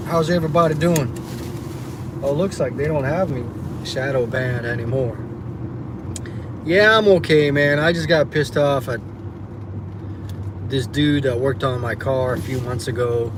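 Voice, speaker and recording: A man's voice: on the high side, noisy background. A man livestreaming from inside his car, ranting in a profane, irritated way and chatting casually with viewers. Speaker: livestreamer driving for rideshare. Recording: music playing in the background.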